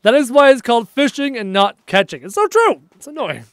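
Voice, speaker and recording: A man's voice: extremely high pitch, very animated, fairly quick, no room sound, studio quality. A young man from Canada chatting casually while streaming a game live, reading his chat aloud and answering it.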